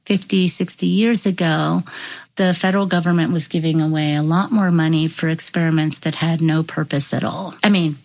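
A woman scientist in an interview, explaining her research in an animated, storytelling way. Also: lowish voice, rough recording. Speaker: neuroscientist guest. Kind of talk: interview conversation.

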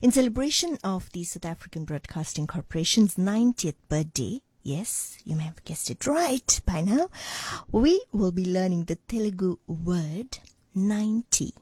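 A woman radio presenter giving a patient, explanatory language lesson, talking slowly and thinking aloud with small fillers. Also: mid-range voice, lively intonation, warm tone, husky, dry recording. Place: radio studio.

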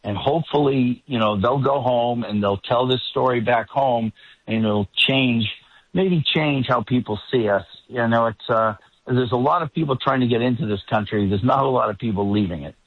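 A man's voice: mid-range voice, moderate pace, no room sound. Boston guy on a tinny phone line. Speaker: regular roundtable guest. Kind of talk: talk radio commentary.

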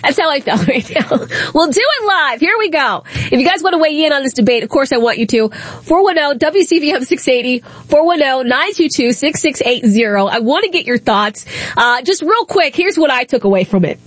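High-pitched radio lady, out of breath, very dry close sound, sarcastic. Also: animated, fairly quick, no room sound. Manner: chatty, sarcastic asides. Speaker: radio talk show host. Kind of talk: talk radio monologue. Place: radio studio.

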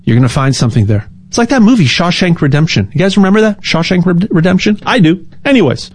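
A man hosting a show, talking in a casual, animated and rambling way that repeats and restarts words, with a sponsor pitch. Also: dry recording. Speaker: show host.

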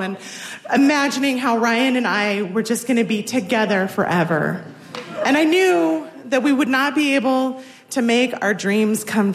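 A woman in her forties telling a personal story on stage with wry, self-deprecating humor. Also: on the high side. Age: 40s.

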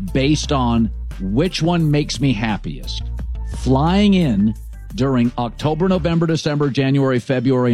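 A man's voice: medium pitch, warm tone. A man hosting a sports talk show, speaking in punchy, emphatic declarations. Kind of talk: opinionated sports radio talk.

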